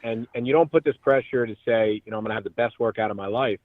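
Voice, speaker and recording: A man's voice: mid-range voice, fast, no room sound. Earnest man on a tinny phone line. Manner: earnest, motivational. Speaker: guest. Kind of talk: motivational radio interview talk.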